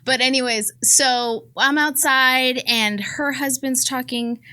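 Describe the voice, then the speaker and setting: A woman in her thirties with a Southern Californian accent, co-hosting a podcast and telling a story in a casual, animated way, often laughing. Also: sits high, slow pace, clear, resonant tone. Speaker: podcast co-host.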